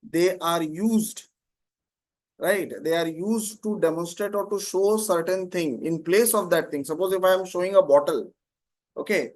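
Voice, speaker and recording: A man teaching an online grammar class, explaining slowly, repeating terms and often checking "Okay?". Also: high voice.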